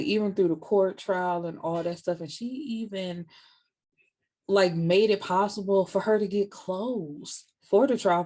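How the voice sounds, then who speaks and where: Young woman ranting casually about a show, lower voice, blunt and lively, swears a lot, talks to y'all. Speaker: book and TV reviewer. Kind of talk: casual spoken review.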